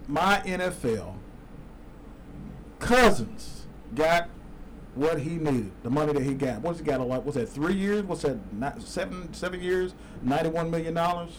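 A man's voice: a little high, expressive, unhurried, slight background noise, poor audio. A man hosting a sports talk show, talking football deals in an upbeat, insistent way. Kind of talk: casual radio chat.

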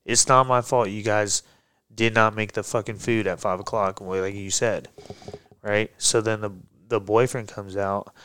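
A man telling a personal story on a podcast, casual and profane, getting heated and animated as he recounts it. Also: on the low side, a little slow, slight background noise. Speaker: guest, pro MMA fighter.

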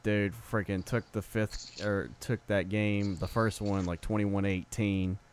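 A man cohosting a casual sports podcast, telling a story in a relaxed way, saying freaking and dude. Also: fairly low pitch, unhurried, slight background noise.

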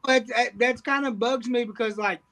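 Man, co-host, casual chat, high voice, swears a lot. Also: fairly even intonation, moderate pace, gravelly, a bit bright. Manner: laid-back, swearing, storytelling.

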